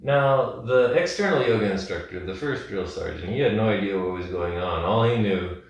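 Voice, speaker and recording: Male yoga instructor, calm gentle cues, storytelling, somewhat low voice, big echo, mic far away. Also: moderate pace. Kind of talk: guided yin yoga class with storytelling. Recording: echoey room, distant mic.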